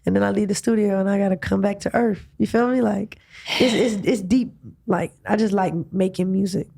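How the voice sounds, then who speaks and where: A young woman telling stories in a relaxed interview, slangy and animated, often asking "you know what I'm saying". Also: mid-range voice, fairly quick, gravelly. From United States. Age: young adult. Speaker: guest, college athlete and rapper. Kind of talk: casual interview chat.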